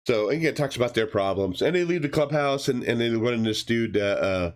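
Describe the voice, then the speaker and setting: A man's voice: mid-range voice, animated, fast talker, hardly any pauses. A man co-hosting a podcast, rambling casually with many fillers and restarts as he recaps a comic. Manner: acts out characters' lines in a raised voice. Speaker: podcast co-host reviewing comics. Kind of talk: casual chat.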